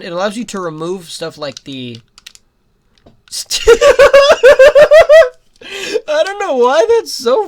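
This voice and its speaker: A young adult giving rambling let's-play commentary, breaking into giggles and sudden loud outbursts at the game. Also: medium pitch. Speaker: gaming commentator.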